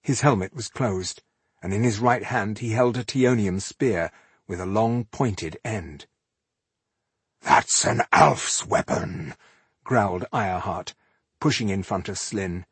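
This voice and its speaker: A man narrating a fantasy audiobook in a steady, even storytelling manner. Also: lowish voice, measured pace, slightly rough, no echo.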